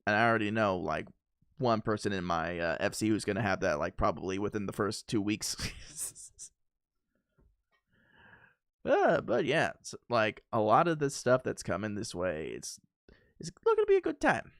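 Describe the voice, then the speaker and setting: Chatty male streamer, lively pitch. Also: moderate pace, clear, resonant tone, no room sound, studio quality. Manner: chatty, rambling, talks to chat with fillers and laughs. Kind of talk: casual gaming stream chat.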